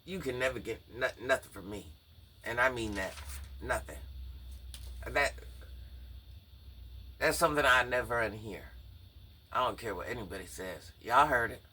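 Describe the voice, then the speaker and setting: A man's voice: medium pitch, normal speed, pauses often, sharp tone, slightly rough, distant mic. A man giving incredulous, mocking drama commentary on a livestreamer, talking straight to his viewers.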